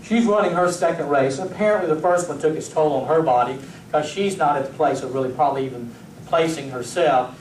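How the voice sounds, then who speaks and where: A man's voice: fairly high pitch, a little fast, slight background noise. Man preaching in an echoey church. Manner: animated storyteller who acts out scenes, addresses the congregation directly. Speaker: pastor. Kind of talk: sermon. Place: church sanctuary. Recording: echoey church room, voice from a distance.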